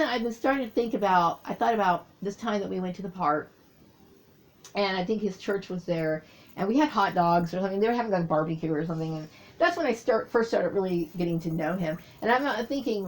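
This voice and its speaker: A woman talking through a personal memory in a rambling monologue, often pausing to search for her words. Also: mid-range voice, a little mellow, low-quality recording.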